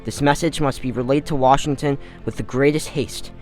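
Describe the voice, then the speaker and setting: A man's voice: medium pitch, steady tone, moderate pace, darkish tone, faint music behind, natural voice. A man voicing an urgent patriot messenger relaying a warning in an amateur audio drama. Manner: urgent, clipped.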